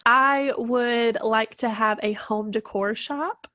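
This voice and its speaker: A woman's voice: fairly high pitch, steady tone, slow, pushed and bright, no room sound. A woman, congested from allergies, co-hosting a casual podcast in a chatty, bubbly way. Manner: chatty, bubbly, says "like" often. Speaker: podcast co-host.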